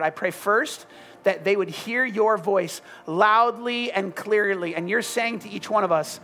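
High-voiced male preacher, soft music. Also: unhurried. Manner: emphatic rhetorical questions, dropping to soft prayer. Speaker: pastor. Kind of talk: sermon with prayer. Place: church room with congregation.

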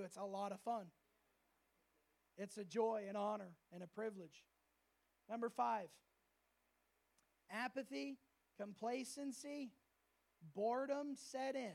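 High-pitched gravelly male preacher. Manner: energetic, humorous preaching that acts out quoted voices. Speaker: pastor. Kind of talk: sermon. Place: church service.

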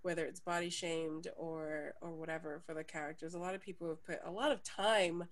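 Woman, panel guest, casual chat, excitable, laughs often. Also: fairly low pitch, brisk. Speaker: cosplayer guest.

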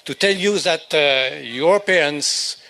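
An older man with a French accent, a native French speaker giving a halting speech at an outdoor rally. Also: fairly high pitch, sharp tone. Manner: halting, searching for English words.

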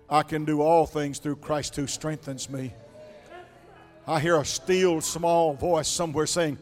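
A man with a high voice delivers a sermon in a church with a long echo. Faint organ music plays behind him. He swings between near-whispered passages and ringing, shouted calls. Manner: builds from quiet to shouting, sing-song preaching cadence. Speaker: preacher. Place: church sanctuary.

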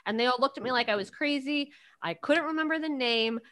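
Bright-voiced woman chatting on a video call. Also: high voice, fairly quick, no echo. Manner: chatty storyteller, lots of ums and uhs. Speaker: podcast co-host. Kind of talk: casual chat over video call.

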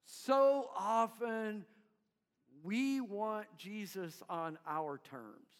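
Pastor guy with a high voice, slow unhurried preaching, goes big then hushed, echoey church hall. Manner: animated, acts out crowd voices, drops to quiet low tones. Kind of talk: sermon. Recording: long reverb in a hall.

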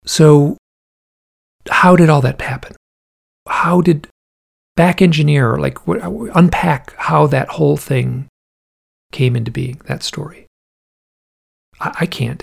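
A man telling a story in a casual, animated way, with vivid detail and frequent restarts. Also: on the high side, vocal fry, breathy edge.

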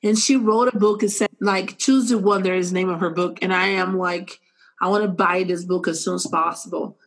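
Woman co-host with a non-native accent who tells stories with earnest, animated energy. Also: medium pitch, rough recording. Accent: non-native English. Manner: animated storytelling, warm and earnest. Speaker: podcast co-host. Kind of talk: casual chat.

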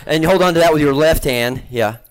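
Speaking briskly, a man performing as a gospel magician jokes with and coaxes volunteers and the audience in a comic stage show. His voice, a little high for a man, fills a large stage in front of a live crowd, captured with poor audio.

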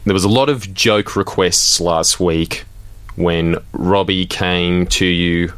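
Brief: young Aussie radio co-host, lowish voice, deadpan teasing. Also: male voice, slow, clean tone. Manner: dry teasing humour. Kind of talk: casual radio banter.

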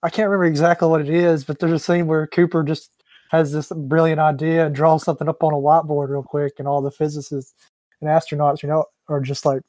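A man's voice: fairly high pitch, little pitch movement, quick pace, darkish tone, dry recording. A man co-hosting a casual film review podcast, raising criticisms with frequent stammering restarts. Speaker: podcast co-host.

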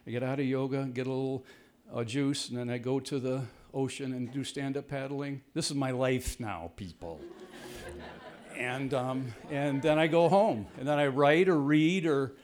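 A man telling a rambling, self-deprecating personal story to a live audience, his voice jumping high when the story turns tense. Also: steady tone, moderate pace. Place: jungle home on a tropical mountain.

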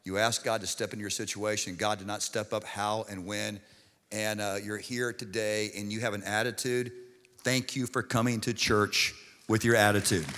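A man preaching a sermon as pastor in a church, swinging from hushed asides to loud, animated calls. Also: on the low side, normal speed, some chatter behind. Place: church sanctuary. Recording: long hall reverb.

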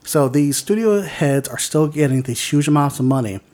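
This podcast co-host has a somewhat high, slightly mellow voice with lively intonation and a normal pace. He reads news items aloud on a casual show, full of fillers and stumbles.

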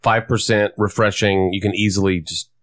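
A man's voice: lowish voice, fairly even intonation, moderate pace, a bit bright. A man co-hosting a casual podcast about films and beer, easygoing and chatty. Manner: easygoing, reads labels aloud. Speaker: podcast co-host. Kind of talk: casual film and beer chat.

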